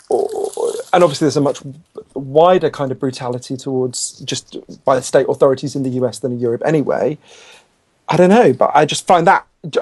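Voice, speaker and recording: A man's voice: on the high side, a little mellow. A man in his thirties with a cold, speaking as an author guest in a candid, passionate interview. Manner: passionate, candid, with frequent restarts. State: has a cold. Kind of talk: conversational interview.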